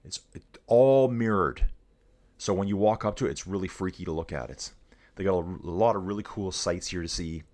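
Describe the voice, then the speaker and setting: A middle-aged man with a low, deep voice, chatting his way through live bike race commentary. He talks with an easygoing, energetic buzz and keeps calling his viewers dudes and guys.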